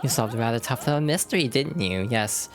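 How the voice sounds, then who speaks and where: A woman's voice: a bass voice, expressive, a little fast. A woman voicing a refined, flirtatious lady passenger in a video game, gushing theatrical compliments.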